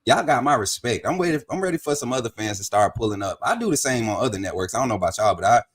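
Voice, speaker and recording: This is a man running a casual sports talk stream. He sounds energetic and chatty, keeps hyping his viewers, and speaks at an average pitch. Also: quick pace, slightly rough. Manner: energetic, chatty, hypes the audience. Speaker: show host.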